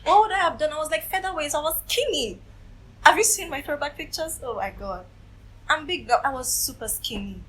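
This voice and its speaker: A woman's voice: high voice, a little fast, low-quality recording. A woman in her late twenties, recounting her own story as a TV interview guest and acting out what others said. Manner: animated storytelling, acting out quoted voices. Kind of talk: emotional personal testimony.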